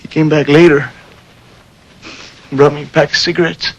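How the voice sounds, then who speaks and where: An older man, a war veteran, telling his memories in a documentary interview with plain, unhurried storytelling. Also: on the high side, level tone, lo-fi sound.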